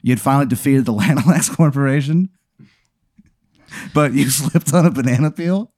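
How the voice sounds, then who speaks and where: A man's voice: medium pitch, moderate pace, darkish tone, no echo, studio quality. Rambling man spinning a comic tale. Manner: rambling with fillers, laughing as he tells it. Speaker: podcast host. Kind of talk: improvised comedic storytelling.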